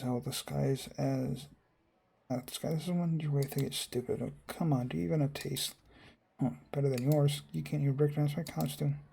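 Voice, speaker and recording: A man reads a visual novel's lines aloud, voicing the cast himself. His voice is gravelly and a little husky, with a mellow, dark tone. He moves quickly and stumbles, often restarting words mid-line. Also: mid-range voice. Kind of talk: reading game dialogue aloud.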